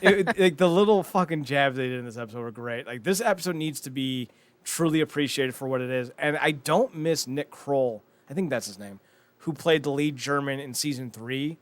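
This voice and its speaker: A man co-hosting a casual talk show, animated and swearing, acting out scenes as he recaps them. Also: medium pitch, fairly quick, no echo. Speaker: podcast co-host.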